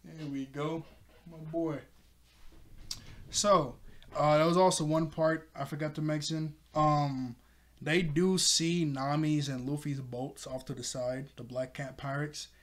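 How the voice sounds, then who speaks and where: A man's voice: on the high side, fairly even intonation, measured pace. Rambling, chuckling male anime reviewer. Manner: rambling, laughs often, fillers like "obviously". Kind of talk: casual episode recap.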